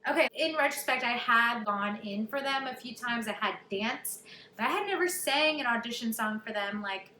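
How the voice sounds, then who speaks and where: A woman's voice: on the high side, moderate pace. Chatty young woman telling a story. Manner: chatty, animated, many likes. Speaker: vlogger. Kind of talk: storytelling to camera. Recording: echoey room, faint noise.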